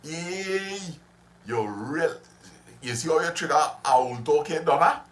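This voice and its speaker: A man's voice: on the high side, animated, takes it slowly. A man hosting a casual livestream, chatty and reminiscing, laughing often as he talks with viewers. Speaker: livestream host.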